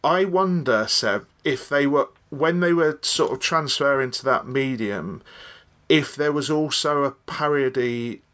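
A man's voice: mid-range voice, unhurried, a bit bright. A man in a casual podcast chat, speaking in an opinionated, emphatic way. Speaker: podcast co-host.

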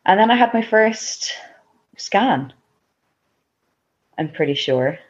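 A woman's voice: medium pitch, animated, slow, dull audio. A young Irish woman in her twenties, telling a personal story as a guest in casual chat, with lots of "like" and laughter. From Ireland. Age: 20s. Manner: chatty, full of "like" and laughs.

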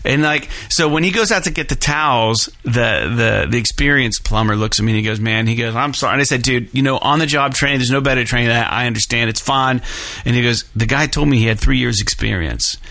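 A man casually telling a long story in a profane, animated way, acting out the people he quotes. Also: mid-range voice, quick pace.

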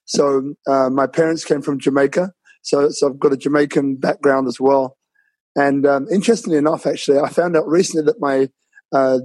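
A man from London with a London accent mixed with Australian, telling his life story as a guest on an interview show over a remote call, relaxed and laughing often. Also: fairly high pitch, no echo, low-quality recording. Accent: London English mixed with Australian. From London, England. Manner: relaxed, laughs often, many fillers and restarts. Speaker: guest author. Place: home in Bali, remote call.

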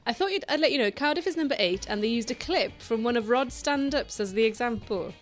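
A Welsh woman with a high voice that swings up and down a lot as she talks. She co-hosts a comedy podcast, laughing easily and teasing her co-host. Faint music sits behind her. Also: brisk. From Wales. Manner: lively and giggly, reads emails aloud. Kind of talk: casual comedy podcast chat.

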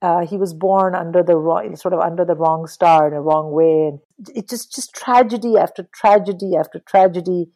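A middle-aged woman talking casually about books in an interview, animated and swearing freely. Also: lowish voice, normal speed, few pauses, low-quality recording. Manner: animated, swears, mimics people in quotes. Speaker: guest.

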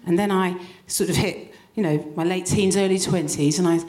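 A woman's voice: fairly low pitch, normal speed. A woman in her forties doing stand-up comedy on a live stage, acting out quotes and laughing often. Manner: animated, acts out mock quotes, laughs often. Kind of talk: stand-up comedy and casual chat. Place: live stage before an audience. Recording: echoey live venue with loud noise.

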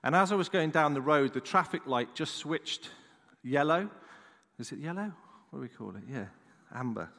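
A man's voice: a little high, expressive, normal speed, a bit bright. A male pastor preaching a sermon, telling a story with candid, chatty asides to the audience. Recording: echoey hall reverb.

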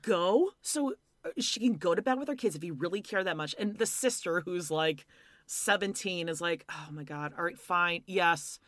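Woman co-host, low voice, dry close sound, blunt and sweary recap chat. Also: moderate pace, fairly bright tone, dry recording. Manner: blunt, swears freely, acts out quotes. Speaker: podcast co-host. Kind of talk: casual chat recapping a reality show.

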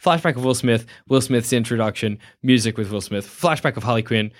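A man's voice: medium pitch, a little fast. A man casually reviewing a film with friends, swearing freely and acting out lines in mock voices. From Australia. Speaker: podcast co-host.

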